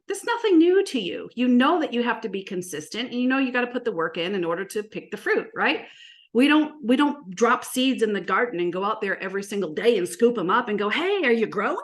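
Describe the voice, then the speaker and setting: A woman who works as a marketing coach, giving an energetic, animated presentation full of stories and rhetorical questions. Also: fairly high pitch. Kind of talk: presentation to an audience.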